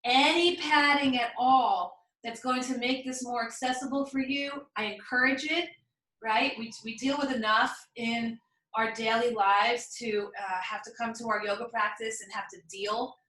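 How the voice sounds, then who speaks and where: Woman yoga teacher, bright voice, a bit high, encouraging, echoey room off-mic. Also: fairly even intonation, normal speed, recorded from a distance. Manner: encouraging, chatty, talks through each move. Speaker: yoga instructor. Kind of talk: guided yoga class instruction.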